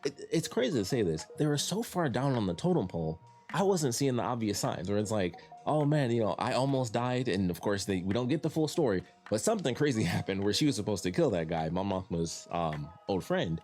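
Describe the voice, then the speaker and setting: A man's voice: fairly low pitch, sing-song, a little fast, darkish tone, soft background music. A young man from Detroit reviewing a TV show in a casual, rambling way, full of fillers and restarts. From Detroit, USA. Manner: rambling, repeats words and restarts, many fillers.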